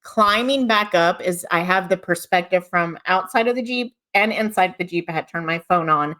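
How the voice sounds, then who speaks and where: A woman podcast co-host telling a lively story in casual chat, quoting herself and laughing. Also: on the low side, normal speed.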